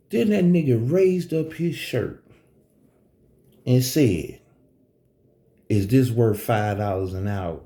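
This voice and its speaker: A man telling a profane personal story on a live stream, swinging between low asides and high, shouted quotes. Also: big pitch swings, takes it slowly, pauses often, roomy sound.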